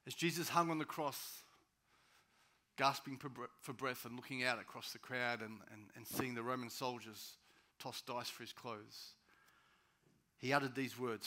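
A man preaching a sermon as pastor, swinging between loud, urgent rises and quiet, slow drops. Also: mid-range voice.

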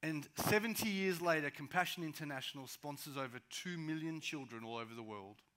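A man preaching a sermon as pastor, swinging between loud, urgent rises and quiet, slow drops. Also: fairly high pitch.

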